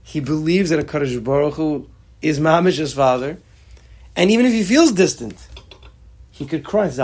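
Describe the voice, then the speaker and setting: A man teaching a class on a religious text, expressive and acting out the quotes as he explains them. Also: a little high, moderate pace, long pauses. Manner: expressive, acts out quotes, mixes Hebrew terms. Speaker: Torah teacher.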